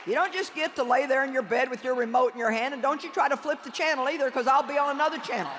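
In a large conference hall, a woman preaches a sermon, speaking directly and emphatically to the crowd with laughing asides. Her voice is high-pitched and fast, with background noise and long reverb from the hall.

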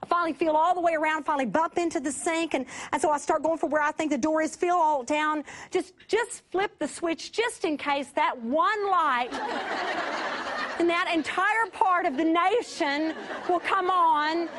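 A woman preaching a sermon through a lively personal story, laughing often and dropping to a hush at key points. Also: extremely high pitch, a little slow, some chatter behind, slight background noise. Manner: animated, laughing, drops to a hush for emphasis.

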